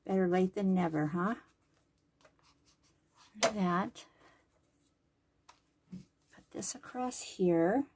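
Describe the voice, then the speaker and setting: A woman's voice: mid-range voice, drawn-out words, pauses often, a little mellow, slight background noise. A woman making things at home and talking to herself as she works, chatty and thinking aloud, now and then dropping to a whisper. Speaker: crafting vlogger. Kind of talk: casual talk to herself while crafting. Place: home craft room.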